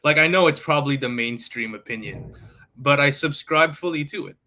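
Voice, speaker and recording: A man's voice: a little high, fairly quick, pushed and bright. A man co-hosting a casual sports podcast, blunt and joking, with some swearing. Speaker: podcast co-host.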